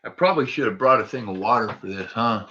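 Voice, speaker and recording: Bright-voiced man on a lo-fi livestream. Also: on the low side, fast talker. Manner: chatty, nervous and joking, talking to viewers. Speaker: livestream host. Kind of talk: casual livestream chat.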